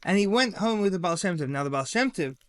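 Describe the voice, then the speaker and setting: A man teaching a Torah lesson, retelling a story in an animated way and acting out its dialogue. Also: high voice, fast talker.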